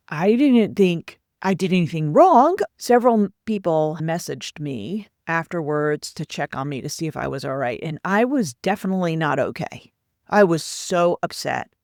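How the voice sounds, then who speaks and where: A woman's voice: low-pitched, no echo, clean studio sound. A woman career coach candidly recounting a personal workplace story, acting out the quoted dialogue as she goes.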